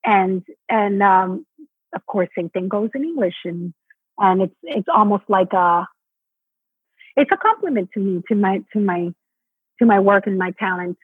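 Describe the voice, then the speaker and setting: Husky woman on a tinny phone line. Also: medium pitch, measured pace, no echo. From Mexico. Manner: animated, restarts often. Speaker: Broadway actress guest. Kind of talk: casual interview talk.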